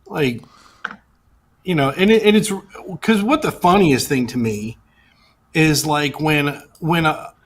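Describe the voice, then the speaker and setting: A man's voice: a little high, slow, pauses often. Rambling man talking a bit off mic. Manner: rambling, many fillers, from further off mic. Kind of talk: casual chat.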